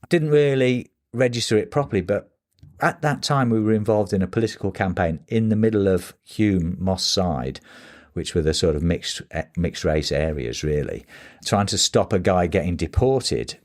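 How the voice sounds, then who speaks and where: A man's voice: deep voice, expressive, normal speed, hardly any pauses, darkish tone. A man in his sixties, a playwright guest, telling rambling stories casually in an interview, with restarts. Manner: rambling, restarts, anecdotal with voiced quotes.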